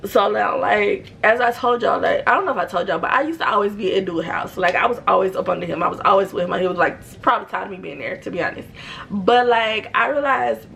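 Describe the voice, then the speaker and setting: A woman's voice: medium pitch, fast, creaky, fairly bright tone, slight background noise, rough recording. A young woman telling a personal story to her viewers in a chatty, slangy way. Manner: chatty, slangy, many fillers. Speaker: storytime vlogger. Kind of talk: casual storytelling.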